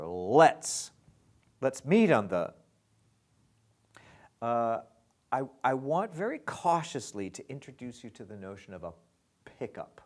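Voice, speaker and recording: A middle-aged man teaching lyric scansion in an online lesson, with halting restarts, dry asides and rhythms spoken aloud. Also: mid-range voice, very animated, darkish tone.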